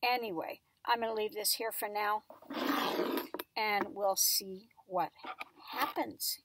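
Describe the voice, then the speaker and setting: A tarot reader, a woman, chatting casually at home in a rambling way and cooing softly to her dog in between. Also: mid-range voice, steady tone, slow pace, very noisy. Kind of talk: casual chat.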